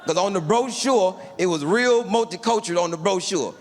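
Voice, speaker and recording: A man's voice: high voice, moderate pace. A man performing stand-up comedy, telling a long story and acting out the people in it. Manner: animated storytelling with voiced quotes. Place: large theater stage before a live audience. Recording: live hall with reverb and faint room noise.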